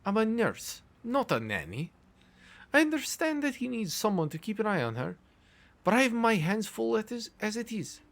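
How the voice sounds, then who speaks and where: A man voicing an overworked, grumbling female nurse in a high falsetto with a put-on Russian accent. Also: very animated, normal speed, creaky, a bit bright, exaggerated voice.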